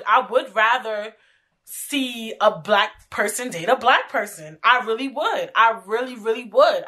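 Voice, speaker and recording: A woman's voice: medium pitch, bright, forceful tone. A young woman hosting a casual talk, telling stories frankly with profanity and lots of repetition. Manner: frank, profane, chatty, repeats herself. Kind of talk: casual storytelling chat.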